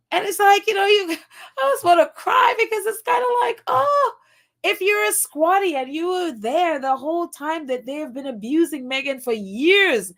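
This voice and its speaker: A woman hosting a live stream, gushing and laughing as she nearly cries, reading viewer comments aloud. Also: sits high. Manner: gushing, laughing and near tears, reads chat aloud. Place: New York.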